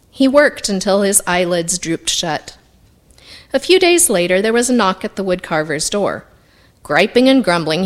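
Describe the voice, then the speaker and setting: Expressive woman reading a storybook aloud. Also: medium pitch. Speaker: story reader. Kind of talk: reading a picture book aloud.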